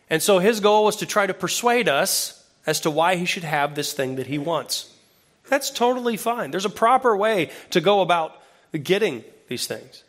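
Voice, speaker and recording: A man who is an associate pastor, preaching a sermon in a conversational way that grows lively when he quotes scripture. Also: high voice, normal speed.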